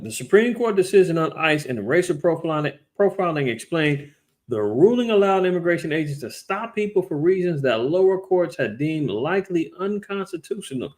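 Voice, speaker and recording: Give me a blunt, emphatic man doing casual commentary, a bit high-pitched. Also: darkish tone. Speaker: commentator on current events.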